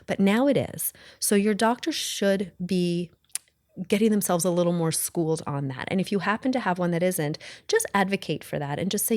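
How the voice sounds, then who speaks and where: A woman's voice: lowish voice, normal speed, darkish tone, dry recording, clean studio sound. A middle-aged woman hosting a podcast, talking casually and bluntly, rambling with self-corrections and acting out bits of past conversations. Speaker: podcast host. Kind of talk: casual solo podcast talk.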